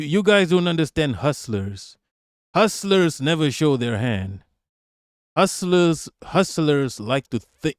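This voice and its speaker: A man's voice: a little high, dry recording, clean studio sound. A man live-streaming, reacting to a video and his chat in brash, profane casual talk.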